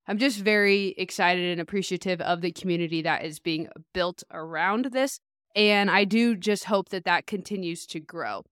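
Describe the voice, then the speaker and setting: Smooth-voiced woman hosting a chatty podcast. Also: mid-range voice, dry recording, clean studio sound. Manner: upbeat, chatty and appreciative. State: slightly nasal from allergies. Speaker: podcast host and life coach. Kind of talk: casual podcast monologue.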